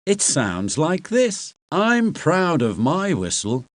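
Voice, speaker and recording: A man voicing a kind, gentle old male engine in a children's game, quietly proud. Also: on the high side, huge pitch swings, slow pace, no echo, exaggerated voice.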